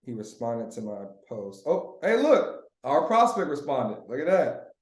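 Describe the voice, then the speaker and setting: A man leading a live online sales training, coaching his group in a lively, chatty way and often laughing. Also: medium pitch, measured pace, reverberant.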